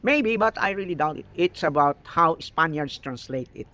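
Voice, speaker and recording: A man's voice: on the high side, expressive, moderate pace, bright, forceful tone. A man with a Filipino accent explaining martial arts terms in a casual tutorial, often checking in with "okay?". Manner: explanatory, repeats words, frequent "okay?".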